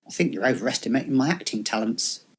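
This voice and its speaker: A man performing scripted comedy dialogue in a deadpan, grumbling manner. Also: mid-range voice, fast, husky. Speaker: comedy co-host.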